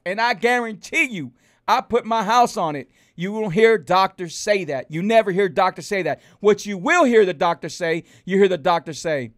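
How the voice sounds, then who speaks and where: A man hosting a casual livestream, animated and preachy, hammering home rhetorical questions to his viewers. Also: high-pitched, a little fast. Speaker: host of a health livestream.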